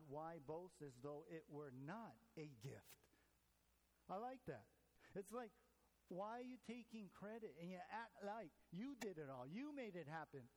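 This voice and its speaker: A man with a high voice preaches in a loose, conversational way, often dropping in a quick "right?" or "yeah?". He slips into the voices of the people he quotes. His voice carries a long reverb from a church hall. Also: a little mellow. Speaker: pastor. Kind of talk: sermon.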